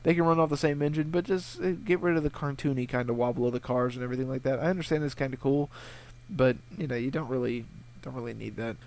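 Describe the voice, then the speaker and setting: A man's voice: mid-range voice, fairly even intonation, fast, a little mellow. Profane, rambling young gamer guy. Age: young adult. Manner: profane, rambling storyteller who acts out voices. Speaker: gaming video creator. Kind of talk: casual vlog answering viewer questions.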